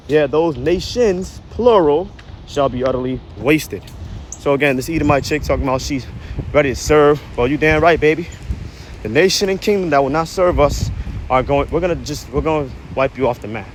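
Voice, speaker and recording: A man's voice: a little high, normal speed. Breathless dude preaching bible verses outside, cussing, keeps saying "man, right?", light street noise. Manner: reads scripture aloud then explains it in blunt, profane slang. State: short of breath. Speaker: religious commentator. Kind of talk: preachy street-corner scripture commentary.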